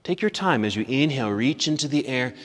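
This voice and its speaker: A man teaching a yoga class, calmly cueing poses step by step and easing toward relaxation, a little out of breath. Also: medium pitch, a little fast, long reverb tail. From United States. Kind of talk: guided yoga class instruction. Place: yoga studio.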